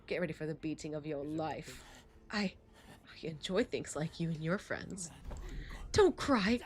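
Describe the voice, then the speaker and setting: A woman's voice: deep voice, lively intonation, measured pace. A woman voicing a pompous masked vampire prince who speaks in grand, archaic phrases while reading game dialogue on a stream. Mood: menacing. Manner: archaic, grandiose speech with thee and thou.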